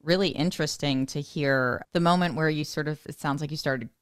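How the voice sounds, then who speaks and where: An interviewer who asks thoughtful questions and reflects the guest's story back in a measured, considered way. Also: medium pitch, clear, resonant tone, no echo, clean studio sound.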